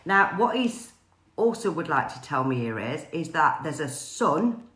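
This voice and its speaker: Low-voiced woman giving a live reading. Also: sing-song, a bit bright, reverberant. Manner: hesitant, many fillers and pauses. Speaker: psychic medium. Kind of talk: live-streamed spirit reading.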